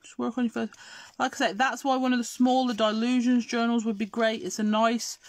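A woman's voice: a little high, little pitch movement, fairly quick, dry recording. Chatty English-accented woman hosting crafts. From Scotland. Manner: chatty, answers viewer comments while working. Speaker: craft show host. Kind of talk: live crafting demonstration.

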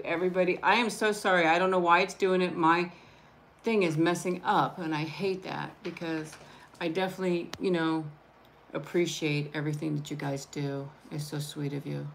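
A woman hosting a casual live stream, chatting warmly and gushing, thanking viewers one by one. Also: fairly low pitch, fairly even intonation, moderate pace, gravelly, slight background noise. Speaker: livestream host showing handmade junk journals.

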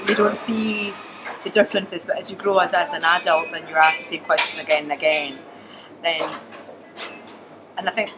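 Glaswegian woman, lively storyteller. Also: mid-range voice, noisy background. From Scotland. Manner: animated storyteller, acts out quoted voices. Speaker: comedian guest. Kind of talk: casual chat.

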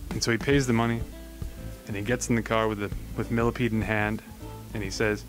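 A man's voice: lowish voice, flat delivery, a little fast, long pauses, over music. Rambling teen guy telling a joke. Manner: rambling, checks in with "okay?". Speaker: student joke segment presenter.

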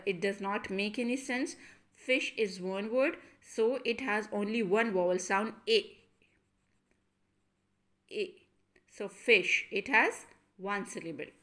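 Slow woman teacher drilling syllables. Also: medium pitch, a bit bright. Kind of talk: classroom lesson.

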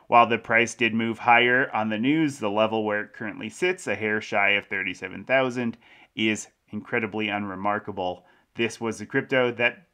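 A man's voice: fairly low pitch, fairly bright tone. A man hosting a crypto news show, reading an article aloud and adding casual commentary with small laughs.

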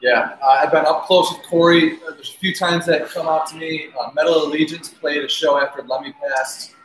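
A man's voice: on the high side, fairly even intonation, fairly quick, a bit bright. A man hosting a casual interview, chiming in with short, encouraging reactions. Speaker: podcast host. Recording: roomy echo, faint noise.

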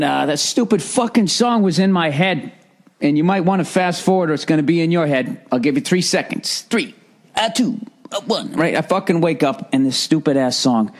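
Middle-aged American male podcast host; sarcastic, profane solo rant, slightly high voice. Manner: profane, sarcastic ranting with mocking sung bits. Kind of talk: rambling solo podcast monologue.

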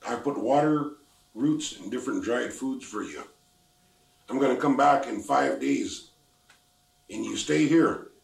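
An older man voicing a stern old grandfather who speaks low and firm. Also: unhurried, gravelly, long pauses. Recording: roomy, mic at a distance.

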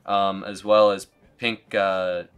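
A man giving a casual fly-tying demonstration in an easygoing way, laughing often and pausing with ums. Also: sits low, level tone, a bit bright, clean tone. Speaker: fly tier demonstrating a pattern.

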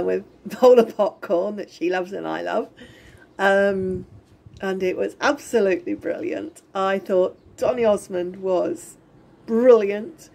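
A woman's voice: mid-range voice, a little mellow. A middle-aged woman giving a rambling, chatty video diary from her home, often breaking into giggles. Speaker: vlogger. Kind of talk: casual lockdown diary vlog. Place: home in Spain during lockdown.

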